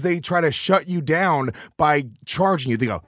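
A man's voice: on the high side, animated, normal speed, few pauses, fairly bright tone, dry recording, studio quality. A man who is a comedian and co-host, ranting bluntly and profanely in a casual chat.

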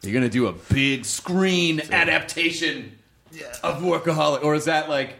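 A man's voice: on the high side, moderate pace, creaky, pushed and bright. A man hosting a casual comedic interview, joking and rambling, often stumbling over his words. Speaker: podcast host.

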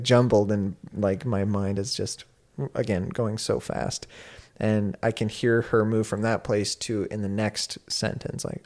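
Young male guest, slightly low pitch, chatty storyteller with lots of fillers. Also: moderate pace, vocal fry. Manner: animated, many fillers, laughs while telling. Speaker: university instructor and guest. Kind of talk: casual storytelling conversation.

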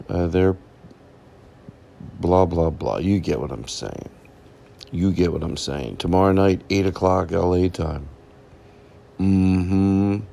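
A man's voice: sits low, creaky, dark tone. A man hosting a comedy podcast, rambling and playful, repeating himself and laughing at his own lines. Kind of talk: rambling casual monologue.

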